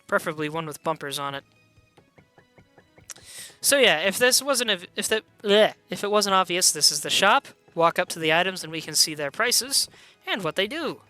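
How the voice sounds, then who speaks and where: A man's voice: sits high, sing-song, normal speed, pauses often, bright, forceful tone, no echo, faint music behind. A man casually commentating a video game stream, chatty with meandering asides.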